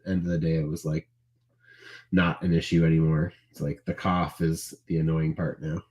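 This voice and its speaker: A man's voice: extremely low pitch, level tone, normal speed, a little mellow. A man co-hosting a podcast in casual chat, congested with a cold and laid-back. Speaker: podcast co-host.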